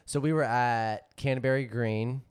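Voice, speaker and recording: Brief: man, podcast co-host, smooth clear voice, close and dry, teasing. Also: mid-range voice, fairly even intonation, dry recording. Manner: quick interjections and teasing asides. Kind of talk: casual chat.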